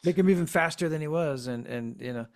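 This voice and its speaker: A man hosting a podcast in casual chat, talking haltingly with many repeated words and fillers. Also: a little high. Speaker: podcast host.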